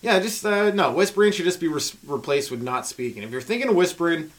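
A man doing a rambling stand-up comedy monologue on his podcast, riffing with frequent asides to the listener and swinging between loud and hushed delivery. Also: fairly high pitch, animated, fast. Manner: riffing, talks to listener with frequent "right?" and "you know".

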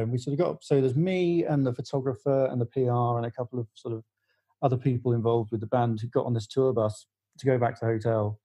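Middle-aged male guest, music journalist, warm low-key tone, chatty rambling anecdotes. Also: fairly even intonation, quick pace, poor audio. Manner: rambling storyteller with many fillers and restarts. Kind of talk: casual podcast anecdote.

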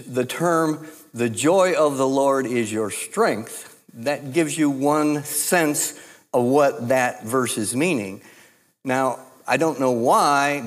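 A man preaching a sermon as pastor, speaking in a measured, deliberate way with frequent restarts. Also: fairly high pitch. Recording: long hall reverb.

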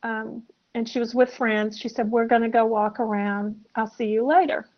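A woman in her sixties from South Carolina, a podcast guest telling a personal story in a soft, halting, reflective way. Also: fairly high pitch, steady tone. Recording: muffled lo-fi audio.

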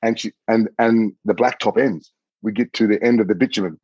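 A man's voice: fairly low pitch, steady tone, a little fast, a little mellow, dry recording. A middle-aged man, a podcast guest telling a personal story vividly, repeating words and swearing now and then. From Australia. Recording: slightly muffled dry recording.

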